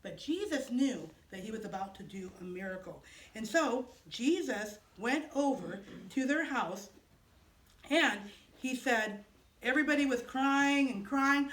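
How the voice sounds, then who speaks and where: A woman telling children a story in chapel. She is animated and expressive, with dramatic pauses and playful questions to the listeners. Her fairly high voice is heard from some distance in an echoey room.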